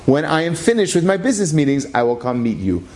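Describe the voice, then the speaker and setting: A man's voice: fairly high pitch, sing-song, fast, a little mellow. A man voicing a rich man's butler delivering a dismissive message.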